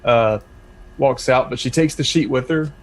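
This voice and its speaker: A man's voice: mid-range voice, normal speed, a little hiss or hum. A man playing a tabletop role-playing game, casually describing his character's actions with frequent fillers. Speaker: player.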